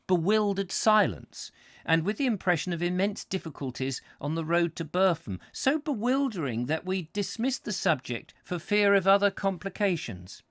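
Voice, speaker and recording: A man's voice: sits high, big pitch swings, normal speed, fairly bright tone, dry recording, studio quality. A man hosting a live book reading, reading expressively and breaking off for casual asides. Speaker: host, book reader.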